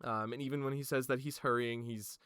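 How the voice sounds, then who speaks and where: A man's voice: mid-range voice, fairly even intonation, a little fast, a bit bright, smooth, no room sound, studio quality. A man narrating a tabletop game as game master, casual and full of fillers.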